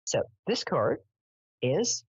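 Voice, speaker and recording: Husky low-voiced woman psychic host. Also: very animated, slow, dry recording, muffled recording. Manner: chatty storyteller, affectionate with callers. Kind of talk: live call-in psychic show.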